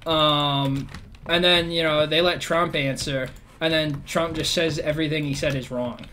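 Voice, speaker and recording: A man's voice: on the high side, steady tone, measured pace, bright, forceful tone, slight background noise. A man ranting in a casual, rambling way, swearing often and full of sarcasm. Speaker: vlogger. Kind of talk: casual rant.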